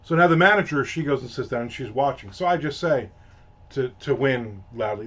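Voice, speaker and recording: A man's voice: mid-range voice, lively intonation, brisk, fairly bright tone. A man hosting a casual ranting monologue, telling a story in a profane, exasperated way. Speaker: host. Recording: dull lo-fi audio.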